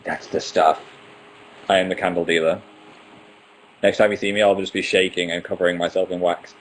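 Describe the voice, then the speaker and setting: A man's voice: low-pitched, level tone, fast, a little hiss or hum, poor audio. A man in his twenties hosting a casual live stream, reading out viewer questions and answering them one by one with playful asides. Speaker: livestream host.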